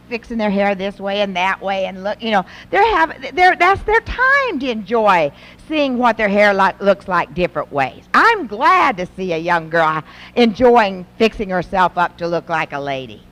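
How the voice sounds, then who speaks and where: Woman, middle-aged, folksy conversational talk, lively pitch. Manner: animated, folksy, acts out mothers and daughters in quotes. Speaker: speaker at a Christian women's event.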